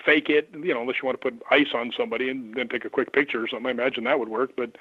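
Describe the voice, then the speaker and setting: A man's voice: mid-range voice, racing, slightly rough, no echo. Man telling ghost stories over a tinny phone line. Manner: animated anecdotes, acts out quoted voices. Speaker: guest paranormal investigator. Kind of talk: storytelling on a radio call-in.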